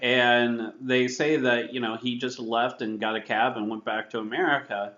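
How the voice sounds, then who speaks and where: A man's voice: medium pitch, flat delivery, normal speed, sharp tone. A man co-hosting a podcast, mocking a movie in a casual chat with frequent restarts. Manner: laughing, mocking, lots of restarts. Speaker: podcast co-host. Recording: echoey, dull lo-fi room sound.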